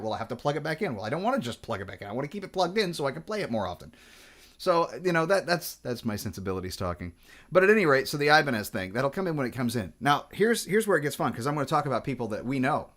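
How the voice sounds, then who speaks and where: A man from Washington State with a Pacific Northwest accent talks casually about gear and old bandmates. His speech wanders from point to point, stalling on fillers and restarting sentences. His pitch sits in an ordinary middle range. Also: a bit bright. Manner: chatty, digressive, many restarts and fillers. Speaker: guitar vlogger. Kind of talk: rambling casual chat.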